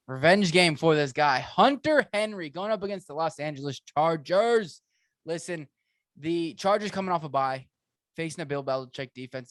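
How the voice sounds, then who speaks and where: A man co-hosting a fantasy football show, talking excitably in a rambling way, with lots of restarts and fillers. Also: a little high, dry recording, clean studio sound. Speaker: fantasy football podcast co-host. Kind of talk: casual sports analysis chat.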